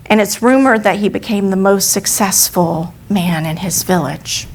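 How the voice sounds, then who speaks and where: A woman's voice: medium pitch, moderate pace, few pauses, breathy edge, low-quality recording. A woman telling a parable in a sermon, in a conversational way, asking her congregation questions. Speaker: speaker at a church service. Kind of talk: sermon storytelling.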